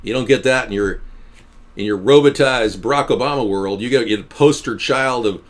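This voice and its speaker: A man hosting a live stream, talking to his viewers in a sarcastic, ranting, jokey way and swooping between high and low voices. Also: a little fast.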